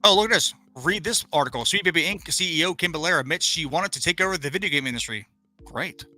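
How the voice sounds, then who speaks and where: A man's voice: a little high, animated, fast, pushed and bright, faint music behind. A man co-hosting a casual talk show, swearing often and reading articles aloud with sarcastic jabs. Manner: profane, sarcastic, reads articles aloud mockingly. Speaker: podcast co-host.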